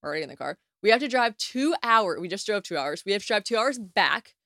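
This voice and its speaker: A young woman from the United States talks through stories on her solo podcast, lively and chatty, and she slips into little acted-out quotes. Her voice sits in an ordinary middle pitch for a woman. The sound is dry and close, with no room around it. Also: fast talker, dry recording. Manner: chatty, animated storytelling with swearing and acted-out quotes. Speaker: podcast host. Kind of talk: casual solo podcast chat.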